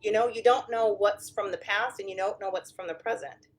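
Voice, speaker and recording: A woman's voice: medium pitch, a little fast, noisy background. A woman therapist explaining to viewers in a casual, candid, conversational way, often correcting herself mid-sentence.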